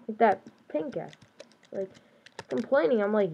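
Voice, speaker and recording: A young woman, a gaming YouTuber, casually comments on her own gameplay, chatty and playful as she talks to herself. Her medium-pitched voice is sing-song, brisk and dark in tone. The recording is muffled, with slight background noise and keyboard and mouse clicks.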